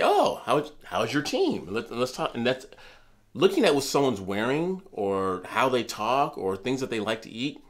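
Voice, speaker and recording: A man's voice: medium pitch, a bit bright. A middle-aged man from Los Angeles co-hosting a casual political talk show, who tells emphatic personal stories. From Los Angeles, USA. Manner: emphatic, storytelling. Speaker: podcast co-host.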